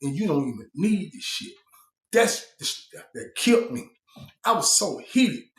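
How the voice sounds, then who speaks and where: A man's voice: sing-song, unhurried. Blunt storytelling man in an echoey room. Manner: blunt, profane street talk with lots of fillers; shifts pitch and loudness to act out quoted people. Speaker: storyteller recounting his prison time. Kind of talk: casual spoken storytelling. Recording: roomy echo.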